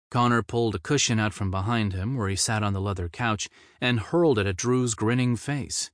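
In a low voice, a man narrates a novel for an audiobook, his scripted reading steady and measured. The recording is close and dry, with no room sound at all.

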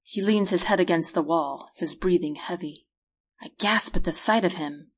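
A woman reading her own novel aloud as a measured first-person audiobook narration. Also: fairly low pitch, husky. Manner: measured storytelling read.

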